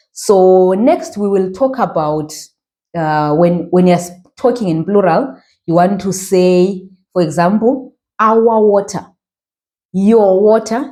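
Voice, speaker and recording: With a Zimbabwean accent and a warm, medium-pitched voice, a woman leads a language lesson. She patiently repeats phrases and keeps checking in with her learners.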